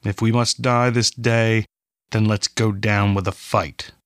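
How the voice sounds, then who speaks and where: A man voicing a stern, commanding male warrior who leads a group, giving terse orders in a lower, quieter voice than his narration. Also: level tone, unhurried, dry recording, studio quality.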